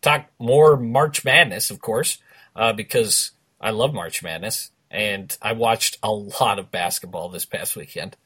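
A man's voice: on the low side, a little slow, fairly bright tone, slightly rough. A man with a Boston accent hosting a casual sports podcast, joking through the sign-off. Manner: jokey, upbeat sign-off banter. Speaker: podcast host.

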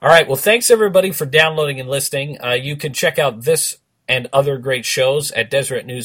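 A man with a Boston accent co-hosts a casual sports podcast. His voice is husky and sits at an ordinary middle pitch. He banters in an upbeat, jokey way. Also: a little fast, hardly any pauses, a bit bright. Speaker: podcast host.

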